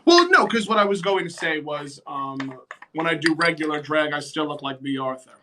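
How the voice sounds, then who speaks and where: A man's voice: on the high side, expressive, moderate pace, bright, forceful tone, slight background noise. A man, a drag performer and guest, chatting casually while doing makeup, sassy and theatrical.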